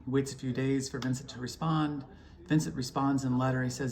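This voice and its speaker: A man's voice: medium pitch, flat delivery, brisk, a little mellow. A man sending a casual video message to a friend, telling jokes in a hesitant way with many ums and restarts.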